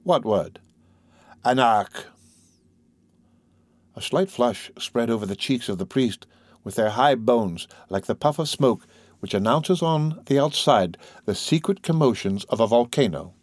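A man reading a classic novel aloud in an even, unhurried storytelling manner. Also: medium pitch, dry recording. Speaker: audiobook reader.

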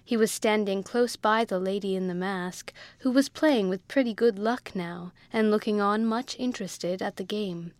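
A woman reads a classic novel aloud at a measured, even pace, with her voice in a middle range. The recording is close and completely dry, with no room sound. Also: medium pitch, dry recording. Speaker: audiobook reader. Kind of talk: scripted narration.

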